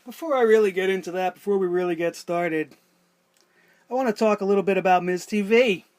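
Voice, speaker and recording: A man's voice: high voice, a little fast, darkish tone. A man hosting a wrestling review show, ranting with exasperated rhetorical questions, sarcasm and swearing. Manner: profane.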